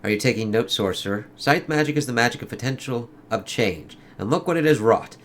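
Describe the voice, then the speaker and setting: A man's voice: medium pitch, animated, brisk, slight background noise, lightly acted. A man voicing a grandiose, mocking male villain from a comic, read with lofty theatrical phrasing.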